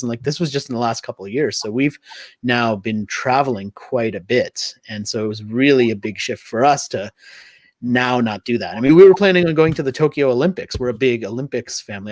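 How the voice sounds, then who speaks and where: A middle-aged man, a podcast guest telling stories in a loose, animated way, leaning on "like" and "I mean". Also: mid-range voice, no echo. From United States. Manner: animated storytelling, frequent "like" and "I mean". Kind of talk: conversational interview.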